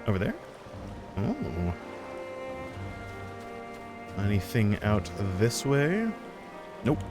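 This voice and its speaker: A man's voice: lowish voice, huge pitch swings, very slow, pauses often, darkish tone, faint music behind. A man streaming a video game, chatting casually, chuckling and thinking aloud. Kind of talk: casual gameplay commentary.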